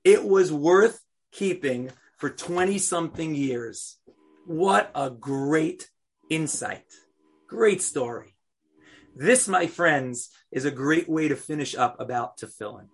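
A man leads a Torah lesson, putting questions to his students and telling a story in an animated, expressive way. His voice is fairly high for a man and has a husky, slightly breathy texture. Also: slow, faint music behind. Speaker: Torah teacher.

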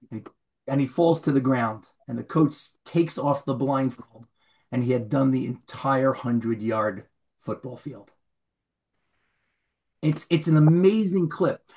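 A man teaching a Torah class as rabbi, informal and animated, acting out stories and raising his voice for the punchlines. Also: fairly high pitch, fairly quick. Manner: animated storyteller, shouts when acting out scenes.

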